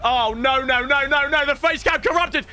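A young man giving chatty, rambling commentary while opening game packs, bursting into shouts at good pulls. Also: very high voice, normal speed, no room sound. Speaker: gaming YouTuber. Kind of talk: excited pack-opening commentary.

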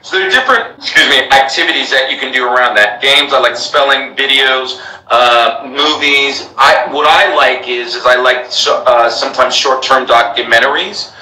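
A man's voice: mid-range voice, moderate pace, bright, forceful tone, reverberant, far from the mic, a little hiss or hum, low-quality recording. An American man who teaches English, speaking emphatically in a live interview, repeating himself and addressing his followers. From United States. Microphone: laptop call.

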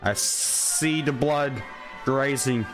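Young male gaming host, mid-pitched, excitable, faint game music behind. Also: drawn-out words. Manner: excitable, yells and whines when failing. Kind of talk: live gameplay commentary.

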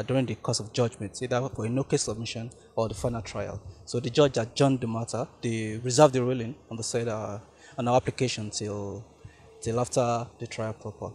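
A man's voice: medium pitch, a little mellow. Formal male lawyer. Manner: measured, formal legal phrasing with hesitant restarts. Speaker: defense lawyer. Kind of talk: press briefing.

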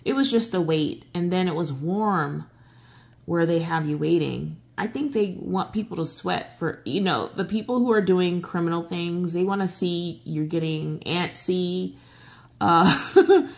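Woman, casual chat while coloring, rambling, excitable, lower pitch. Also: a little slow, vocal fry. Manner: rambling storytelling with many fillers and restarts; excitable, voice jumps high when giddy. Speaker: coloring channel host.

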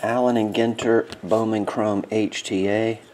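A man's voice: fairly low pitch, little pitch movement, darkish tone, a little hiss or hum. Sleepy man calling out cards. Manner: drowsy, yawning, reads card names in quick bursts. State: sleepy with watery eyes. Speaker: card break host. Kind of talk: casual card break commentary.

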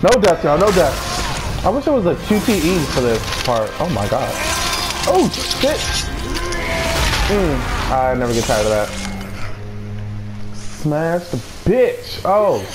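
Excitable, foul-mouthed man, lively pitch. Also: unhurried, over loud music. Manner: excitable, swears a lot, talks to himself. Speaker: let's play gamer. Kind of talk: playing a video game. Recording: noisy recording.

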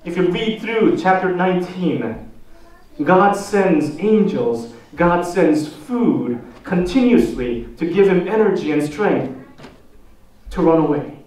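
A man preaching a sermon as pastor, posing slow, deliberate rhetorical questions to the congregation. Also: sits high, animated, darkish tone, far from the mic. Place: church sanctuary. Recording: echoey church hall, voice from off the mic.

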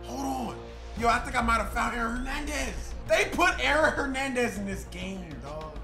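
A young man, excitable and foul-mouthed, swinging between yelling and muttering. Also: extremely high pitch, normal speed. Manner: excitable, swears, trash talk. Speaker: gaming YouTuber. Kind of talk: casual gameplay commentary. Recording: roomy echo with loud game music.

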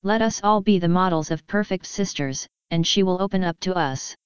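A woman's voice: lowish voice, moderate pace, smooth, dry recording, lightly acted. A woman voicing a polite, diplomatic young warrior sister who speaks in a courteous, formal way.

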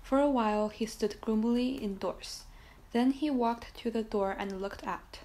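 A woman reading a children's book aloud in a gentle, steady storytelling manner with the odd small slip. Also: fairly high pitch, normal speed, rough recording.

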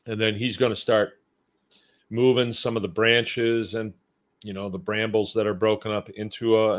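A middle-aged man with a somewhat low voice hosts a homesteading show. He answers listener comments in a loose, rambling, conversational way, restarting his sentences as he goes. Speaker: homestead podcast host. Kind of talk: casual live-show talk reading listener comments.

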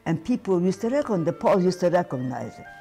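A man's voice: sits high, very animated, dark tone, soft background music. Older man telling his story, stumbling. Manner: halting, repeats himself, stumbles. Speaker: Holocaust survivor interviewee. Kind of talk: personal testimony.

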